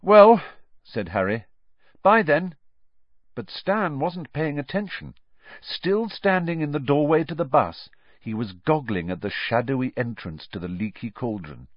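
A man narrating a story aloud in an expressive storytelling manner. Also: medium pitch, moderate pace, dry recording. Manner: expressive storytelling with lively rises and falls. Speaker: audiobook narrator. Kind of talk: scripted narration. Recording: dull, dry studio recording.

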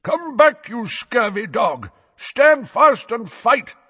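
A man voicing a blustering old knight in a painting, shouting fiercely in a muffled, high, strained voice. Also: big pitch swings, takes it slowly, slightly rough, long reverb tail, full character voice. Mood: fierce challenge.

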